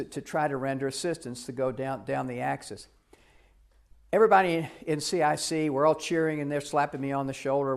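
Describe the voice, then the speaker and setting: An older man telling a personal story in a talk, acting out the dialogue as he goes. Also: medium pitch. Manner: animated, acts out dialogue in the story. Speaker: speaker.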